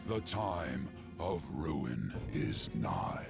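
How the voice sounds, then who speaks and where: An actor voicing an ancient, ominous male master of a dream realm, speaking slowly in grave, cryptic pronouncements in dubbed video game dialogue. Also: very animated, faint music behind, exaggerated voice. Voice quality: deep gravelly.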